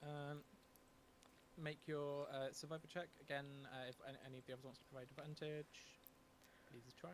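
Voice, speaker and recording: A man's voice: a little high, flat delivery, normal speed, a little hiss or hum. Hesitant man running a tabletop game. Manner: hesitant, many ums and restarts. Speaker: game master.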